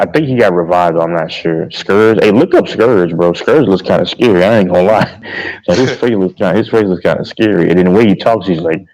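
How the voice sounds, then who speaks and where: Very deep, gravelly man rambling on a call. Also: darkish tone, low-quality recording. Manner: rambling, stammers and repeats words, mimics movie lines. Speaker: friend in a casual group call. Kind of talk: casual chat.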